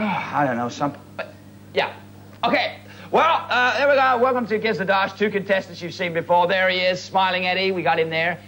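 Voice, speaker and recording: A man's voice: high-pitched, fairly bright tone, slight background noise, low-quality recording. A man doing comedy, telling a mock-eerie tale and hosting a silly game show with brash patter. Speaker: comedy sketch host.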